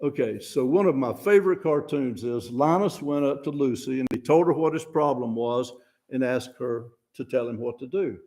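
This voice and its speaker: Older man, lay sermon, folksy, self-deprecating, plain-spoken, mid-pitched voice. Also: normal speed, darkish tone. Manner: folksy, self-deprecating, repeats words when restarting. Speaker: lay speaker at a fellowship service. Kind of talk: informal sermon.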